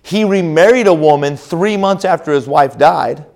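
A middle-aged man preaching a conference sermon, telling a story with repeated restarts and reading scripture slowly. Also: a little high, vocal fry, a little mellow. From American South. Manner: slow, solemn scripture reading. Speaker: pastor.

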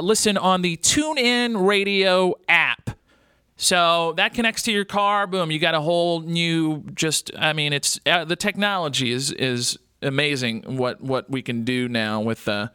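A man hosts a radio show from a studio, chatting in a loose, rambling way. He jokes along and stops often with "uh" and "you know." His voice is bright, smooth, fairly high and dry, close on a studio microphone. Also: no room sound. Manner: rambling, joking, chatty with many fillers. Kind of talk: casual radio talk.

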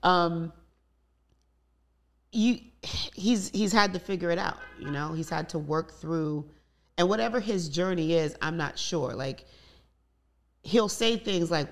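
A woman's voice: on the low side, takes it slowly, long pauses. A woman in candid conversation, telling personal stories openly with many asides. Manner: open, storytelling with many asides. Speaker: guest.

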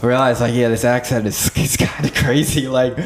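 A man's voice: medium pitch, fairly even intonation, moderate pace. A young man, hosting a podcast and telling a loose, profane story in casual chat. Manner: loose storyteller, swearing, laughing. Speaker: podcast host.

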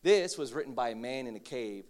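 A man preaching a sermon with humor, swinging from quiet asides to shouted, dramatic prayers. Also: mid-range voice, lively intonation, brisk.

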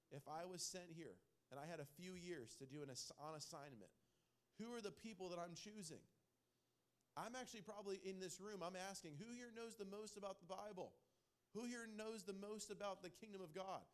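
Male pastor, sermon delivery, slightly high-pitched, earnest, repeats lines for weight. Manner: earnest, repeats key phrases for emphasis. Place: church hall with congregation.

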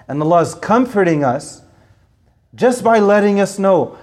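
A man's voice: sits high, expressive, normal speed, a little mellow. A man giving an earnest sermon, repeating phrases for emphasis and reciting scripture in Arabic. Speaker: Islamic preacher.

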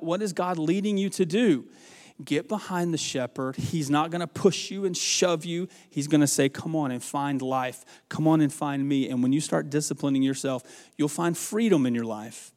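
In a church sanctuary with a big-room sound, a pastor from the American South preaches his farewell sermon. His voice sits a little high with a darkish tone, and he tells stories in an earnest, rambling, folksy way.

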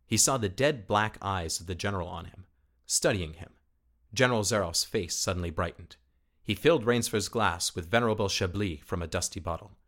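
A man narrating a short story as an audiobook reading, in a measured, steady storytelling manner. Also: low-pitched.

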